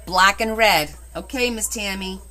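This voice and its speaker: A woman's voice: medium pitch, a little slow, pushed and bright. A woman hosting a chatty live auction of her scrapbooks, cheerful and laughing often as she calls out the bids.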